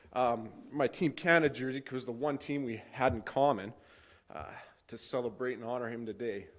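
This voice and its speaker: A man speaking as pastor at a memorial service, telling stories of a friend with light laughter, then leading a hushed prayer. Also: a little high. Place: funeral service hall.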